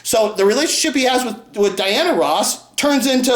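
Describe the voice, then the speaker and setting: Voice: mid-range voice, expressive, fairly quick, few pauses. Rambling, profane talker in an echoey room. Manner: rambling, profane, rhetorical questions. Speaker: show host. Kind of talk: casual profane monologue. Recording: roomy echo.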